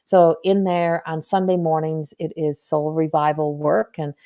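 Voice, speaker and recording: A woman with a somewhat low voice hosts a casual live-streamed spiritual talk. She speaks as a medium in an earnest, chatty way. She stays frank and drops playful swearing. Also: flat delivery, measured pace, dark tone.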